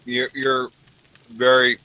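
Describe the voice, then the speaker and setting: A man's voice: medium pitch, monotone, takes it slowly, a crowd in the background, rough recording. A man in a casual chat, talking bluntly and wryly about his own luck, with a lot of swearing. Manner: blunt, swears freely, wry about himself.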